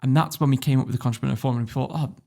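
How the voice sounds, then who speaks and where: A man with a British English accent, a podcast guest telling a story in a blunt, sweary and animated way. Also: medium pitch, very fast, gravelly. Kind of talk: casual storytelling.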